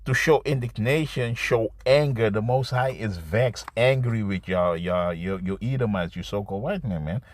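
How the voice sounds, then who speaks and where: Speaking to camera in a voice on the low side, a street-style preacher improvises a sermon from scripture. He stumbles and repeats himself, restarting words and tacking "man" and "you see" onto his lines.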